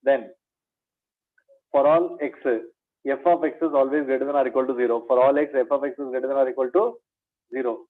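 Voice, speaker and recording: A man's voice: mid-range voice, steady tone, brisk, long pauses, phone-quality sound. A man teaching an exam revision lecture in maths, repeating key points, asking rhetorical questions and calling his students "my dear".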